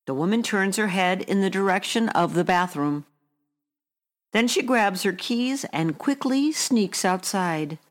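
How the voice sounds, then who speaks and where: A woman reading a short story aloud in a measured, hushed way. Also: lowish voice.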